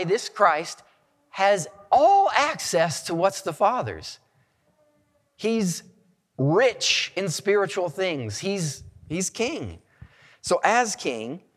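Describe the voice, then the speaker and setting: A man preaches in a slow, deliberate sermon, his fairly high voice swinging widely in pitch as he stresses key words. The sound carries a long reverb, like a large church hall. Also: fairly bright tone. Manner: earnest, measured preaching with emphatic rises. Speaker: pastor.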